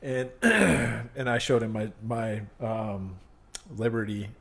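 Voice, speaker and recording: Dude hosting a podcast, animated storyteller, cusses a lot, jumps loud when quoting people. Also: male voice, fairly low pitch, slow, vocal fry, husky. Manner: animated storyteller, swears freely, acts out quotes loudly. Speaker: podcast host. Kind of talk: casual podcast chat.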